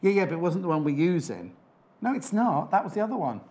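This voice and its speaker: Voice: mid-range voice, very animated, quick pace, darkish tone. A shopping-channel presenter chatting with a guest and breaking off for viewer announcements.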